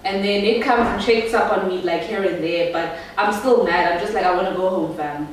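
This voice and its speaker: Girl telling a story, loud n slangy, roomy echo, bit far from the mic. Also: mid-range voice, normal speed, a little hiss or hum. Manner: animated, slangy, addresses viewers as guys. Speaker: vlogger. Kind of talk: storytime chat. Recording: echoey room, voice a bit off-mic.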